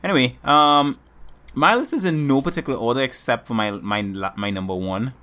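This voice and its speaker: A man co-hosting a podcast in casual chat, talking in a rambling, halting way with lots of ums and restarts. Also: mid-range voice, pushed and bright. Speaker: podcast co-host.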